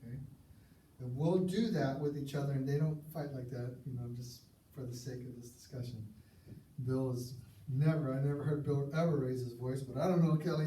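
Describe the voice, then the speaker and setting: A man preaching a sermon, earnest and conversational, sometimes dropping his voice low for emphasis. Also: warm tone. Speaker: pastor. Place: church sanctuary. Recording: echoey church hall, mic at a distance, faint hiss.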